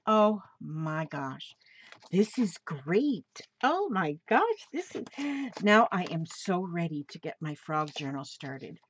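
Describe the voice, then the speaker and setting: A woman's voice: lowish voice, sing-song, slow pace. A woman on a crafting channel, gushing and exclaiming as she shows off gifts she received in the mail. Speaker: crafting vlogger. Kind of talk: casual show-and-tell of a mail package. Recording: slightly dull home recording with faint noise.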